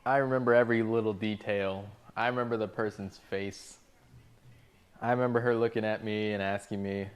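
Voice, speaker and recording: A man's voice: fairly low pitch, steady tone, fairly quick, a little hiss or hum. Exasperated, profane man ranting to chat. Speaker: restaurant cook streaming to chat. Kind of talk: casual livestream rant while cooking.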